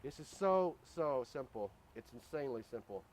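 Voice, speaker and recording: A man's voice: medium pitch, animated, moderate pace, a little hiss or hum. A man hosting a casual cooking demo outdoors at a grill, joking around and talking to viewers as "guys.". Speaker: grill cooking show host.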